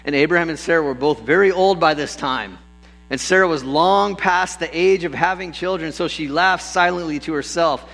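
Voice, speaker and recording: Animated male pastor preaching. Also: a little high, normal speed, low-quality recording. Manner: lively storytelling, acts out voices with bursts of excitement. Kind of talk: sermon.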